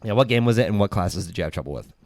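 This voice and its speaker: Racing along in a lowish, expressive, slightly mellow voice with no echo, a young man hosts a casual podcast. His stories ramble, loaded with fillers and restarts, in easygoing chat.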